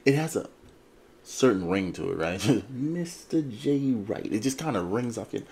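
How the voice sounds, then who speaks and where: A man's voice: on the low side, animated, normal speed, gravelly, darkish tone. Jokey guy hosting his channel, voice bouncing all over, faint hiss behind. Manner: playful, rambling and jokey, swinging his voice up and down. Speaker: host. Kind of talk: casual chat before a game trailer reaction.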